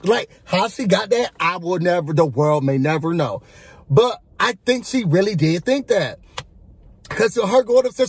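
A man's voice: sits high, expressive, unhurried, slightly rough. A man hosting a casual, gossipy recap of a reality show, sassy and chatty as he talks straight to his viewers.

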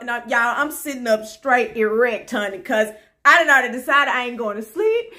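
A woman, telling a personal story in a lively, expressive way and dropping to a hush when quoting others. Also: high voice. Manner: expressive, drops to a hush for quotes, peppered with "y'all" and "honey". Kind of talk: animated storytelling.

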